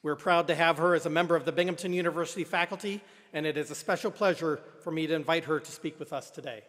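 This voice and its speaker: A man's voice: a little high, fairly even intonation, fast, fairly bright tone. A man giving a formal introduction of a speaker at a university ceremony. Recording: reverberant ceremony hall.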